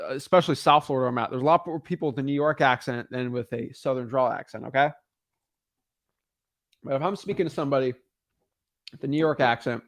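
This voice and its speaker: A man teaches real estate wholesaling in a casual monologue, restarting sentences and often checking in with "right?" and "okay?" His voice is mid-range, and the recording is dry with clean studio sound.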